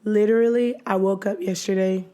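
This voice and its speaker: A woman hosting her own podcast in a casual solo chat, her voice hoarse and nearly gone, chatty and often laughing between phrases. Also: medium pitch, fairly even intonation, normal speed, mellow. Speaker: podcast host.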